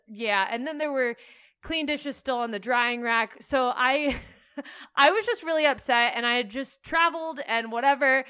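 A young woman telling candid, animated stories in casual chat, swearing freely. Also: sits high, normal speed, clean tone.

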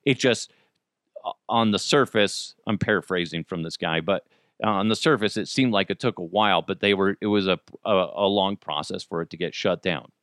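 A man hosting a solo commentary show, ranting with heavy swearing and swinging between loud outbursts and low muttered asides. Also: moderate pace, no echo, studio quality. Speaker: show host.

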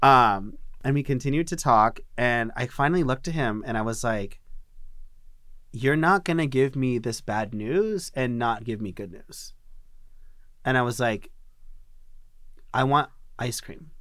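A man in his twenties candidly telling a personal story on a talk show, profane and animated. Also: medium pitch, measured pace, long pauses, dry recording, studio quality.

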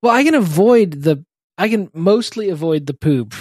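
A man and parent chatting casually, telling funny anecdotes in halting bursts, laughing often and breaking off mid-sentence. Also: sits high, animated, a little mellow, no room sound, clean studio sound. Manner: chuckling, halting, self-interrupting anecdotes. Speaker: podcast co-host, parent. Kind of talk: casual chat, storytelling.

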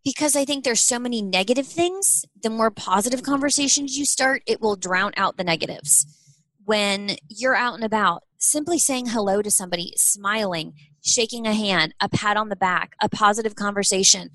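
A woman's voice: a little high, normal speed, a bit bright, no echo. A middle-aged woman who runs a small clothing business, answering interview questions earnestly and acting out quoted dialogue.

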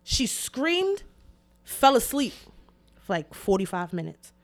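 Animated, profane woman telling a story. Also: fairly high pitch, slow. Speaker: podcast co-host. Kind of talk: casual storytelling chat.

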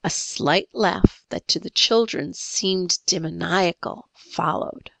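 A woman narrating a classic story in a measured, expressive reading. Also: lowish voice, gravelly, dry recording.

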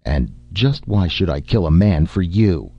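A man's voice: sits low, animated, measured pace, vocal fry, warm tone, slightly rough, dry recording, faint music behind, heavily acted. A man voicing a proud, irritable young nobleman, in a dull lo-fi recording. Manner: irritable, touchy.

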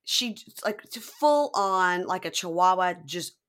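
A woman's voice: fairly low pitch, measured pace. A woman podcast host recapping a reality show in casual chat, acting out quotes. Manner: animated retelling, acting out quotes.

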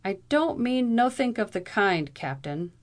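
Woman doing a gruff bailiff. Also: mid-range voice, big pitch swings, measured pace, pitched above the performer's own voice. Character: gruff lower-class London bailiff, man.

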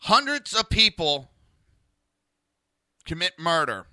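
A man's voice: on the high side, sing-song, slow pace, pushed and bright, dry recording, studio quality. A man with a New Jersey accent hosting a talk radio show, ranting bluntly and cursing freely. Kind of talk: opinionated talk radio rant.

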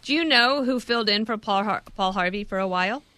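A woman co-hosting a podcast, chatting casually with quick jokes and asides. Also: medium pitch, bright, forceful tone, no room sound. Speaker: podcast co-host. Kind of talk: casual chat.

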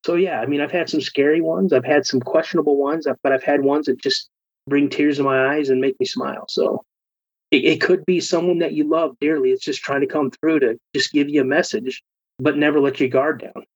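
A man speaks in a husky, earnest voice, stumbling and repeating words as he tells his story. The sound is dry and a little muffled, like a call recorded at home. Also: on the high side, fairly even intonation, a little fast, dry recording. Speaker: podcast guest. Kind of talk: emotional storytelling.

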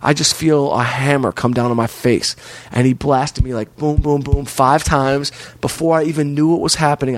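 A man telling a wild personal story in casual chat, swearing often and acting out quotes with lively energy. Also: a little high, normal speed, a little hiss or hum. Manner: animated, profane, swearing-to-God storytelling with acted-out quotes.

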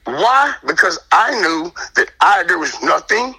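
Guest, man, high bright husky voice, animated storyteller acting out his exchanges. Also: moderate pace, poor audio. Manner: indignant, emphatic, acts out dialogue.

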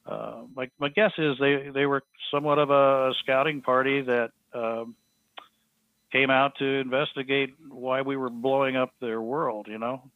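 A man, a podcast guest, telling a story in a halting, earnest way with many restarts. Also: medium pitch, flat delivery, dry recording. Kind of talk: storytelling in an interview. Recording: thin phone-like line, dry.

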